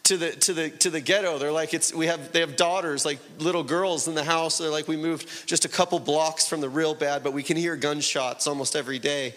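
A man's voice: a little high, steady tone, fairly quick, hardly any pauses, a bit bright, long reverb tail. A man preaching a sermon, telling a story loosely with many fillers and then building to fervent, rising exhortation.

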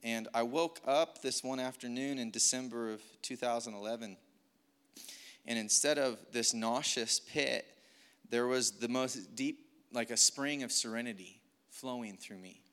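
A man's voice: mid-range voice, a little slow, a bit bright, smooth. A young man giving an emotional, earnest testimony sermon, often saying "like" as he speaks. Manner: earnest, emotional, many "like" fillers. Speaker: preacher.

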